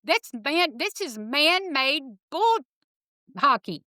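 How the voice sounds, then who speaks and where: A high-pitched, bright-toned woman with a Texan drawl. She talks with sass and folksy, preachy phrasing as an interview guest. The sound is dry and close. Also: big pitch swings, takes it slowly, no echo. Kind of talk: animated interview chat.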